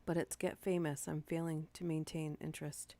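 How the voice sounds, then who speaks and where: A woman streamer who reads stories aloud to her live chat and talks softly because she is close to the microphone. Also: deep voice, level tone, moderate pace. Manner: soft-spoken, close to the mic.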